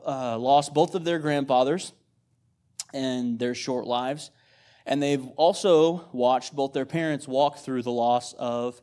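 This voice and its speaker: A man in his thirties delivers a sermon in a casual, talkative style, stumbling over repeated words as he goes. His voice sits a touch high for a man, and he keeps turning to the congregation with questions. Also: a little mellow. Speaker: missionary preacher.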